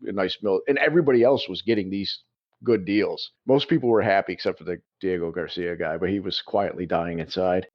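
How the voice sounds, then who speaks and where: A man co-hosting a podcast, telling a story in a casual, animated way with laughs. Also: low voice, fairly quick. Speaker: podcast co-host. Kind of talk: casual chat. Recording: dull lo-fi podcast audio.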